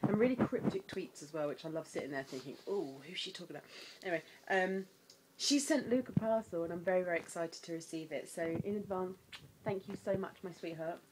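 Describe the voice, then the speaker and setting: Chatty mum vlogging at home. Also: female voice, animated, fairly quick, noisy background. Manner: chatty, switches to high sing-song baby talk. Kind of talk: casual vlog chat.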